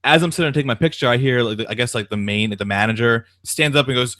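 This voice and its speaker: A man's voice: medium pitch, quick pace, no room sound. A young man on a sports talk show, telling a long story in casual chat and acting out the people in it. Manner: animated anecdote-telling, acts out quoted voices. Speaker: podcast co-host.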